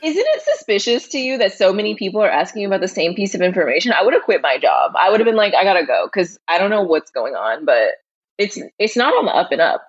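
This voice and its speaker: Husky, lively woman podcast guest. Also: medium pitch, fast, dry recording, highs cut off. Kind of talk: casual movie recap chat.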